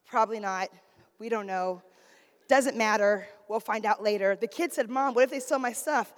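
A middle-aged woman preaching a sermon, swinging from shouted exhortation to quiet, chatty storytelling. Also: a little high, normal speed. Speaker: preacher, pastor's wife. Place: church sanctuary. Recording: long reverb of a church hall.

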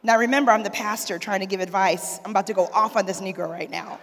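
A woman in her forties, a pastor's wife, telling a funny story to a church audience in an animated way, laughing and acting out the dialogue. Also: mid-range voice, fast, hardly any pauses, big-room sound, some chatter behind, slight background noise. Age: 40s. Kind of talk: humorous storytelling testimony.

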